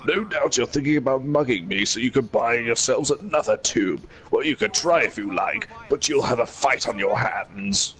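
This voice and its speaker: A man voicing a haughty doctor in a comedy skit, speaking in a slow, sneering way. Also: medium pitch, expressive, a bit bright, close to an everyday voice. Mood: scornful. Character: haughty, contemptuous posh male doctor.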